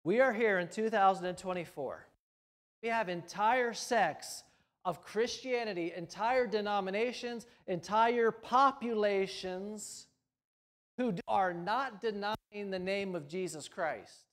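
A male pastor delivering a sermon, swinging between loud emphasis and hushed lines. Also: sits high, a little slow. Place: church sanctuary.

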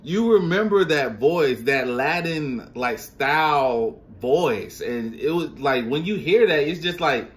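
A man hosting a casual reaction vlog, speaking straight to his viewers in an animated, slangy way. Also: fairly high pitch, slow pace, hardly any pauses. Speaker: vlogger.

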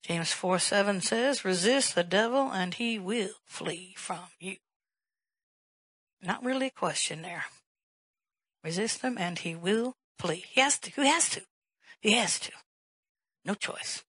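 A woman's voice: mid-range voice, lively intonation, a little slow, long pauses, a bit bright, breathy edge, no room sound, rough recording. A woman pastor preaching a sermon in an emphatic way, firing rhetorical questions and rising to a raised voice.

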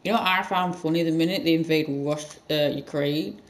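A gaming channel host giving rambling let's-play commentary with sudden loud outbursts. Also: medium pitch, brisk.

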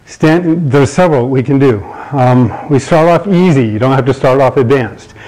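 A man's voice: mid-range voice, normal speed, a little mellow, poor audio. A man in his sixties hosts a live fitness broadcast. He explains each exercise while demonstrating it, taking viewer questions in an easygoing instructional way. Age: 60s. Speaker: fitness show host.

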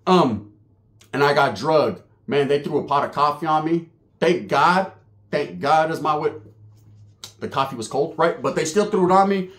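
A man's voice: fairly high pitch, expressive, moderate pace, fairly bright tone. A man telling a prison story in casual, profane, slang-heavy street talk.

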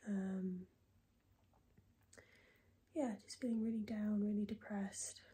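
A woman in her twenties talking casually in a video diary, soft and breathy, often near a whisper, low and tearful. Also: steady tone. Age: 20s. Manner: soft, breathy and often close to a whisper, with many pauses and fillers. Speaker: vlogger.

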